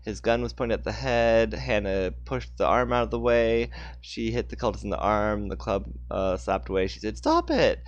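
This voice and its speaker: A man's voice: on the low side, fairly even intonation, moderate pace, no room sound, highs cut off. A man reading his own story aloud on a live stream, with casual asides and self-corrections. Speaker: author reading his book.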